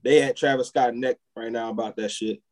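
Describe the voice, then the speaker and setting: A man co-hosting a podcast who talks at a middling pitch in a loose, rambling way. He piles up filler words as he tells a story to his friends. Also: steady tone, fairly quick, poor audio. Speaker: podcast co-host. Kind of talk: casual chat.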